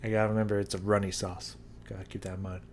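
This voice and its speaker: A man vlogging a hot sauce tasting to his viewers, talking casually and haltingly as he describes the burn. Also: lowish voice, flat delivery, a little mellow, a little hiss or hum. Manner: talks through the burn, halting and drawn out. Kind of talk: casual chat to camera. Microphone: new studio mic.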